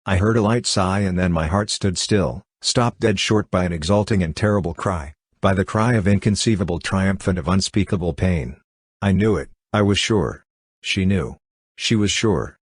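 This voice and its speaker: A man narrating a literary audiobook in a measured, somber reading. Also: low voice, breathy edge, no echo, clean studio sound.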